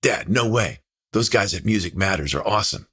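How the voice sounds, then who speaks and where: An eager teenage boy, shy but chatty, his questions climbing high and bright, as a man puts him on in an audiobook. The voice keeps a husky edge under the raised pitch. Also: lively intonation, brisk, exaggerated voice. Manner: upbeat, questioning, casual teen talk.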